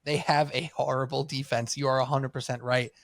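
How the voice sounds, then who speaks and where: A man with a New York accent co-hosting a sports podcast, telling stories in a lively way and acting out what people said. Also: mid-range voice, a little fast, gravelly, dry recording, clean studio sound. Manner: animated storytelling, acts out quotes. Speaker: podcast co-host. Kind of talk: casual sports chat.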